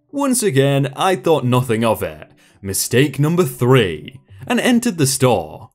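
A man narrating a first-person story in a wry, animated way, like a reddit storytime reading. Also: medium pitch. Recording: narration over soft background music.

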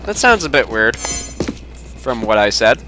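A man's voice: mid-range voice, very animated, takes it slowly. A man giving casual, goofy, rambling commentary while playing a game. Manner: goofy, rambling, jokey asides. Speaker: gameplay commentator. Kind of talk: casual let's-play commentary. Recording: game music behind the voice.

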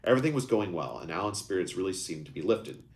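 A deep-voiced man reads his own book aloud in a live session. His pitch moves about a lot as he narrates, and he often trips over words and goes back to fix them. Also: fast talker. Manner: animated reading, raises pitch for characters, stumbles and restarts.

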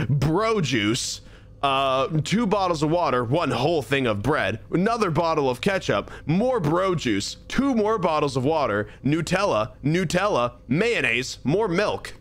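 A man's voice: a little high, sing-song, measured pace. A young man streaming a horror game, chatting and joking to himself as he plays. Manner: chatty, jokey, talks to himself. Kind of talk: live gameplay commentary.

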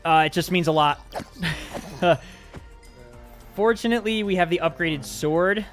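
A man's voice: high voice, a little slow, faint music behind. A man hosting a casual game session, upbeat and explaining the game mechanics as he plays. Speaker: host and map maker. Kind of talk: casual gameplay chat.

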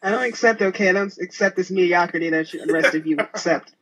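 A man's voice: high voice, quick pace, fairly bright tone, slightly rough. A podcast co-host, a man who talks with sassy mock outrage in casual chat. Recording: muffled call audio.

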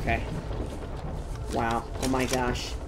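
A young man hosting a gameplay stream, gushing and exclaiming excitedly as he plays. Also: medium pitch, slow, over a noisy crowd. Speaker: gaming streamer host. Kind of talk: live gameplay commentary. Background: game music and gunfire.

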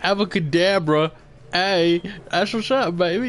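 A young man narrates his gameplay in a fast-swinging, excitable voice that sits a bit high for a guy. He talks slowly and drawls, with a faint hiss of noise behind him. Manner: excitable, swearing, trash-talking teammates. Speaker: gamer streaming gameplay. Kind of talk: casual gameplay commentary.

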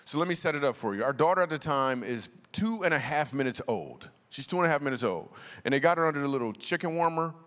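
A man's voice: on the high side, lively intonation, quick pace, few pauses, a bit bright. Man joking through a sermon in a hall. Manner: conversational, jokey, bantering with the crowd. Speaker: guest speaker. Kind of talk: comedic sermon. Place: large church hall. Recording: live sermon with long hall reverb.

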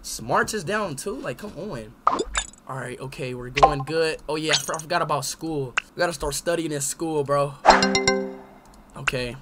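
A young man streaming a game live, talking to himself and his chat, swinging between loud yelling and quiet muttering. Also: fairly high pitch, normal speed. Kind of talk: live gameplay commentary. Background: loud music.

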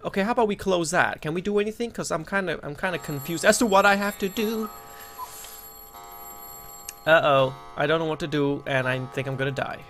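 A man commentating his play of a horror game, joking and cursing, and breaking into loud frightened yelps when scared. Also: on the high side, brisk. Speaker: gameplay commentator.

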